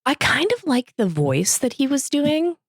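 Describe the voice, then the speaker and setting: A woman's voice: sits high, sing-song, a little slow, dry recording, studio quality. A woman co-hosting a podcast, trading wry, sarcastic quips about a movie and laughing often. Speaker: podcast co-host. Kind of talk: casual movie review chat.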